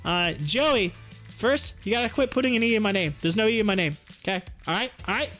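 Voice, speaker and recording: A man's voice: sits high, lively intonation, fairly quick, a bit bright, soft background music. A man doing casual live-stream commentary on stocks, joking and laughing often and slipping into mocking voices.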